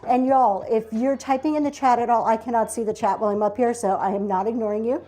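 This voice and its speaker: A woman's voice: fairly high pitch, steady tone, fast talker, dark tone. A woman hosting a live online auction show, chatting casually and gushing over each vintage item as she shows it, with "um" and "y'all" along the way. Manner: says "y'all" and "um" often. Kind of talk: casual live-stream sales pitch.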